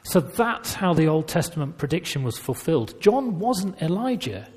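A man with a slightly high voice preaches at a normal speed, his words echoing through a church hall. The sermon comes across as conversational storytelling full of lively emphasis.

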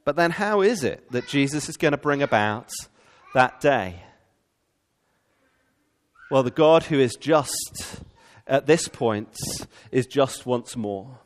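A man preaching a sermon, animated and asking the congregation rhetorical questions. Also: medium pitch, slow pace, long pauses, big-room sound. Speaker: pastor.

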